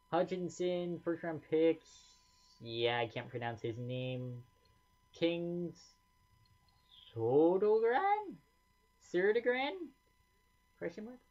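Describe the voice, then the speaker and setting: A man talks through a video game in a loose, offhand way, muttering asides and correcting himself mid-sentence. His voice sits at a middling pitch. The recording sounds a little dull and lo-fi. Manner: thinking aloud, mumbled asides and self-corrections. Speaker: gaming YouTuber. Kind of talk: casual gameplay commentary.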